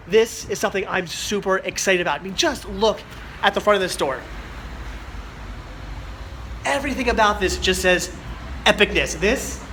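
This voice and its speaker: A gushing, excitable man vlogging casually into a handheld camera. His voice sits high and sounds bright and forceful. Faint background noise runs under the recording. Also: a little fast. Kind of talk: casual vlog narration. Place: outdoors at a cemetery, then inside a video store.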